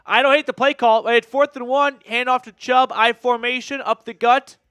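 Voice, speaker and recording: A man hosting a live fan stream, calling football plays quickly and casually, and bursting into excited shouts and chants when he reads out viewer donations. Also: very high-pitched, smooth, dry recording, clean studio sound. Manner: rapid, casual play-calling with quick asides. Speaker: fan watch-party host doing play-by-play. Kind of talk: live stream play-by-play and chat.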